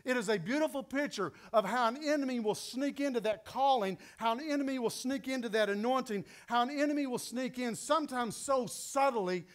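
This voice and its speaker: A middle-aged man with a West Texas accent, preaching a sermon through an animated personal story that builds to emphatic peaks. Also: extremely high pitch, a little fast, hardly any pauses. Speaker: pastor.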